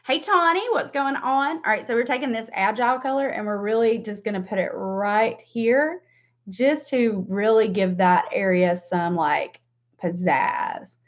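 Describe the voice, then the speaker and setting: A woman's voice: medium pitch, a little slow. A woman in her forties with a Southern US accent, giving a casual livestream makeup tutorial. She chats with viewers by name and laughs often. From Southern United States. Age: 40s. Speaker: makeup vlogger. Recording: dull lo-fi livestream audio.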